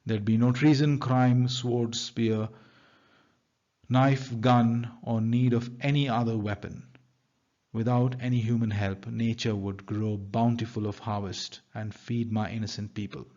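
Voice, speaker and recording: Brief: male teacher with an Indian English accent, mid pitch, explains text line by line, muffled lo-fi recording. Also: level tone, a little slow, mellow. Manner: explains line by line, paraphrasing in plain words. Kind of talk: literature lecture, reading and paraphrasing lines. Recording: dull lo-fi recording.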